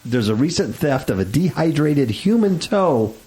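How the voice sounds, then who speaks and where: A man's voice: on the high side, big pitch swings, moderate pace, a little mellow. A man hosting a Christian talk radio show, rambling and stammering with indignant restarts.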